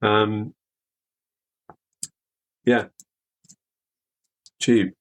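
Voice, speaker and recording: A man from the UK, a veteran guest, speaking candidly in an interview with halting, repeated words. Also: lowish voice, little pitch movement, poor audio. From United Kingdom.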